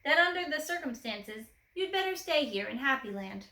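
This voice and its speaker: A woman's voice: sits high, expressive, moderate pace, bright, forceful tone, reverberant, a little hiss or hum, full character voice. A woman voicing a cheerful, kindly man who speaks in a friendly, upbeat way.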